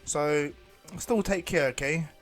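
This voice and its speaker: A man's voice: a little high, slow pace, faint music behind. A man improvising a fan story retelling, rambling with many ums and restarts and briefly voicing the characters. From New Zealand.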